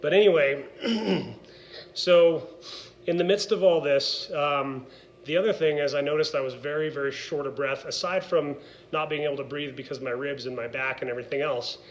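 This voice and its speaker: A man's voice: fairly high pitch, normal speed, lo-fi sound, a little hiss or hum. A middle-aged man, a former wrestler and gym owner, speaking candidly in a personal vlog, earnest and rambling with many fillers and restarts.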